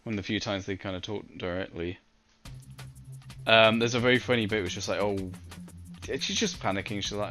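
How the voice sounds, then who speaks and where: A man's voice: on the low side, brisk, long pauses, fairly bright tone, faint music behind. A man co-hosting a podcast, chatting casually and wryly, acting out characters' lines as he retells scenes. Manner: wry, acts out characters' lines when retelling. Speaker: podcast co-host. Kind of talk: casual chat recapping a cartoon.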